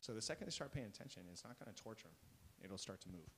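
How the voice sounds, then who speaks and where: A man's voice: on the low side, lively intonation, racing, a bit bright, a little hiss or hum, poor audio. A man speaking as a coaching guest in a podcast conversation, earnest and explanatory, often checking in with his listeners. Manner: earnest, keeps checking in with "right?" and "you know?". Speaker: guest, mental coach for athletes.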